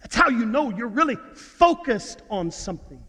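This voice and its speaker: A man's voice: very high voice, big pitch swings, normal speed, few pauses, breathy edge. A male pastor preaching a sermon, with dramatic swings down to near-whispers and stammering restarts. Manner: dramatic dynamics, dropping to hushed near-whispers. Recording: reverberant hall.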